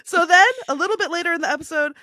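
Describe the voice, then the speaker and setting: A woman co-hosting a podcast in animated, laughing casual chat as she plays clips for her co-host. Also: extremely high pitch, very fast, dry recording.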